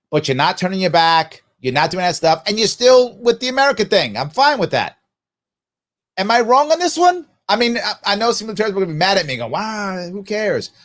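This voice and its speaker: A middle-aged man hosting a live political commentary show, arguing his point with lots of rhetorical questions. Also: sits high. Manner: animated, argumentative, peppered with rhetorical questions; acts out quoted voices mid-rant. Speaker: host.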